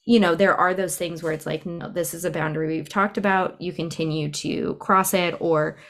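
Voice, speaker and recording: A woman's voice: on the low side, steady tone, moderate pace, a bit bright. A woman speaking as a podcast guest, talking things through in a reflective, conversational way with frequent fillers. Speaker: podcast guest, cycle syncing coach. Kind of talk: casual interview conversation.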